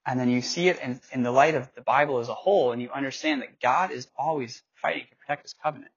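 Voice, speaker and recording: A man's voice: medium pitch, fast talker, slightly rough. A young man teaching a Bible class in a loose, conversational way, reading scripture aloud and correcting his own slips. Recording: dull lo-fi recording.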